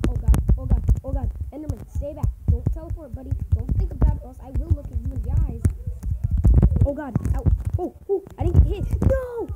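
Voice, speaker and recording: Excitable young woman, high voice, loud noise. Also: quick pace, lo-fi sound. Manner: excitable, yelps and laughs while playing. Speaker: gaming video host. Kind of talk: casual gameplay commentary.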